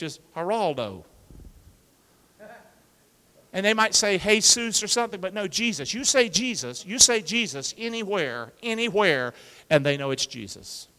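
Brief: male pastor, bright forceful voice, big swooping call-and-response delivery, long church hall reverb. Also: fairly high pitch. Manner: energetic, coaxes the congregation to repeat lines; uses football pep-talk imagery. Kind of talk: animated call-and-response sermon. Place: church sanctuary with a congregation.

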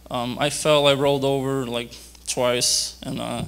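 A young man giving a rambling personal testimony at a church youth conference, halting and full of fillers and restarts. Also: mid-range voice, level tone, a bit bright, clear, resonant tone. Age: young adult.

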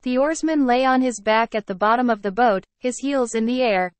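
Woman, teacher reading aloud, explains words to children, higher voice, dry close sound. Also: moderate pace, dry recording. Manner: clear, explaining, addresses children. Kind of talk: read-aloud lesson with word explanations.

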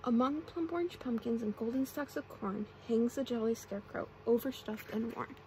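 Soft-spoken woman reading bedtime stories. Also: a little high, moderate pace, slight background noise, low-quality recording. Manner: soft-spoken, gentle, dips into whispers. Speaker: ASMR storyteller. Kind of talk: ASMR bedtime story reading.

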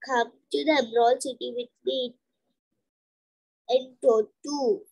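A young reader reading a storybook aloud slowly and carefully, with restarts and repeated words. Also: female voice, a little high, a little mellow, rough recording. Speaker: student reader.

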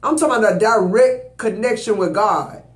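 A man's voice: high-pitched, moderate pace. Guy doing a tarot reading, preachy and emphatic, aave, echoey room. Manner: preachy, emphatic, addresses viewers directly. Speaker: tarot reader. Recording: roomy echo.

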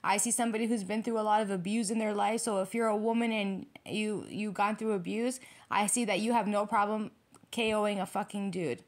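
Woman, tarot reader, casual and foul-mouthed, hammers points by repeating them, mid-pitched. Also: steady tone, brisk. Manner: blunt and profane, repeats phrases for emphasis; breaks into laughter. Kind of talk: casual tarot reading to camera.

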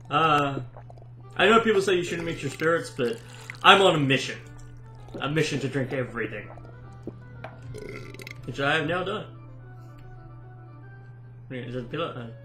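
An excitable man commenting on a game, with a very bright, sharp voice that leaps up and down in pitch. His room is echoey, and faint music plays behind him. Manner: excitable, easily amused, yelps and laughs. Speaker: let's play gamer.

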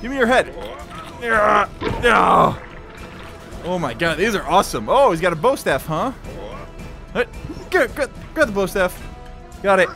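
Young guy yelling at enemies in a vr game, high voice that jumps all over, faint game music behind. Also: normal speed, long pauses. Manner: excitable, playful, talks to enemies in the game. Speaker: gaming YouTuber. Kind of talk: excited VR gameplay commentary.

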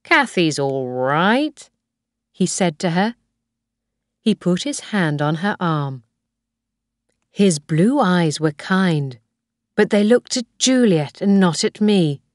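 A woman narrating a graded reader story in a slow, clear, careful way. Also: fairly low pitch, animated, darkish tone, dry recording, clean studio sound. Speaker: audiobook narrator.

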